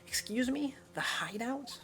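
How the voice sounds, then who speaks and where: A woman's voice: on the high side, animated, measured pace, fairly bright tone, slight background noise, voice pushed up. Woman doing a startled young male lawyer. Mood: incredulous.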